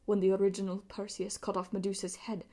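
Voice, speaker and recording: A sharp, defiant teenage girl who speaks up in a raised, pointed voice, read by a woman. She sounds quick and unimpressed. It comes from a home-read storybook. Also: mid-range voice, level tone, natural voice.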